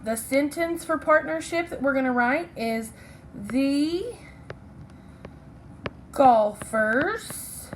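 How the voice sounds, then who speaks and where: A woman's voice: fairly high pitch, slight background noise, rough recording. A woman teaching a recorded phonics lesson to children. She explains step by step, keeps checking in with "okay?", and corrects her own slips with an apology. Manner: patient, checks in with "okay?" and "right?".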